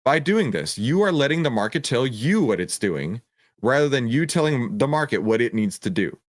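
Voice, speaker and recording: A man's voice: medium pitch, very animated, moderate pace, dry recording, studio quality. A middle-aged man hosting a trading lesson, talking through a stock chart in an emphatic, preachy way with rhetorical questions and repeated phrases. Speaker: trading educator and host. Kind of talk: energetic stock-chart walkthrough.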